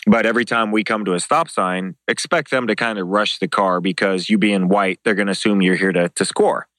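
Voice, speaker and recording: A man's voice: brisk, no room sound. A man telling casual anecdotes as an interview guest, swearing freely and acting out other people's lines. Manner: animated, acts out quoted dialogue with pitch jumps. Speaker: interview guest, former MMA show host.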